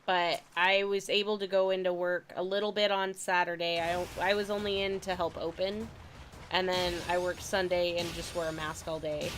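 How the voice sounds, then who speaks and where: A woman's voice: fairly low pitch, level tone, moderate pace, fairly bright tone, faint music behind. A young woman from California chatting casually on a game stream, a bit stuffy from a recent cold, giggly and rambling. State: slightly stuffy, recovering from a cold. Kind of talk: casual gaming stream chat.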